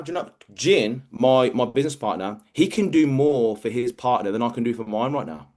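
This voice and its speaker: Energetic man giving a pep talk. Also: medium pitch, a little fast, hardly any pauses. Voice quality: energetic, emphatic, repeats words while pushing ideas. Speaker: business mentor. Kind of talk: motivational talk.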